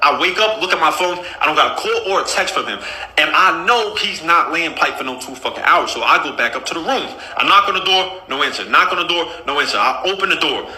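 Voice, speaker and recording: A man with a very bright, forceful voice tells a wild comic story, swearing freely and staying animated throughout. His voice is a little higher than most men's. The sound is roomy and echoey. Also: brisk. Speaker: podcast host. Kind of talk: casual storytelling.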